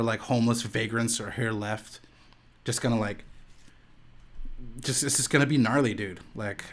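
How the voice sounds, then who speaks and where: Laid-back rambling young man. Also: mid-range voice. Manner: laid-back, rambling, heavy use of "like" and "dude". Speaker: streamer and podcast host. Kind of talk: casual chat on a live stream. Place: home room.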